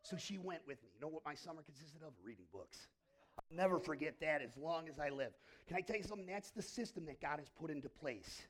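A male pastor preaching in a lively, conversational way, telling stories and acting out the quotes. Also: fairly high pitch, quick pace. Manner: animated, conversational, acts out quotes. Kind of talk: sermon with storytelling.

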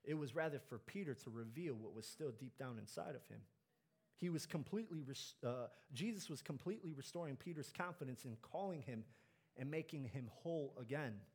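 A man preaching a sermon, climbing to loud emphatic peaks and dropping low and soft on key lines. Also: animated, fairly quick, breathy edge.

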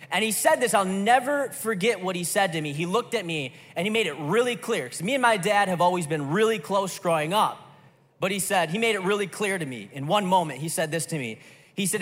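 A man preaching a sermon, telling a personal story in an animated way with quick restarts. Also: high voice, long reverb tail. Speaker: pastor.

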